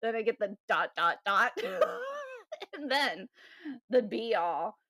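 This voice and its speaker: A woman co-hosting a podcast, telling a dating story in a casual, animated way with sighs and laughs. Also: a little high, slow pace, dry recording, clean studio sound. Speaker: podcast co-host. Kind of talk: casual chat.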